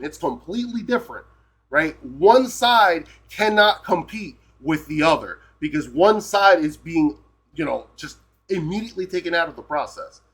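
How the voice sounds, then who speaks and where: A man's voice: on the high side, bright, forceful tone, breathy edge. A man from the United States ranting heatedly on a live stream, swearing a lot and tagging "right?" onto his points. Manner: profane, repeats "right?" constantly, heated.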